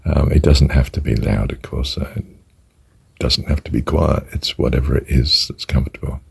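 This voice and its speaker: Very deep gravelly older man, husky. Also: moderate pace, no echo. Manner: soft-spoken, drifts into whispered counting. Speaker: breathing teacher. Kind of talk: spoken meditation instruction.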